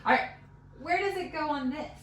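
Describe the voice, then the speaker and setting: Woman fiddle teacher, patient and encouraging, fairly high voice, roomy far-off sound. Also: moderate pace, a bit bright, a little hiss or hum. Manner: encouraging, patient, counts beats aloud. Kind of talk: one-on-one music lesson. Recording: echoey room, mic at a distance. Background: fiddle playing.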